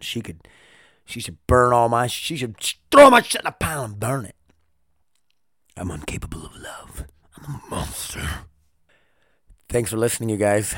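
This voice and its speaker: A man's voice: mid-range voice, a bit bright, dry recording, studio quality. A man hosting his own podcast, rambling and swearing in a confessional solo monologue at home. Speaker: podcast host. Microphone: single podcast mic.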